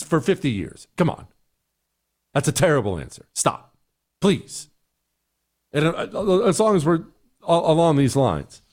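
A middle-aged man hosting a talk show, giving blunt, exasperated opinions and answering listener emails. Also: mid-range voice.

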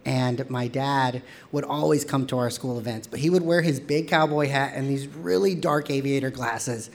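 A man in his thirties from Texas tells a candid personal story on stage. His delivery is wry and animated, slipping into quoted voices, with a mid-range pitch. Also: moderate pace, vocal fry.

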